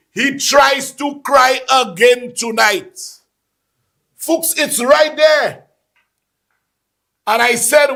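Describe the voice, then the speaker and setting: High-voiced, slow-talking host. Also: male voice. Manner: animated, laughing, repeats phrases for emphasis. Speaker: talk show host. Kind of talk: casual call-in political chat.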